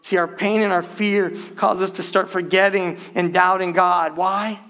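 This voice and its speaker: A middle-aged man preaching a sermon, retelling a story with lively asides and calling out to the congregation as "church". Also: high voice, unhurried. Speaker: pastor.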